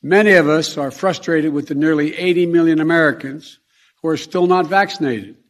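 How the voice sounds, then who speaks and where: A man giving a formal political speech in a measured, grave tone. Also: on the high side.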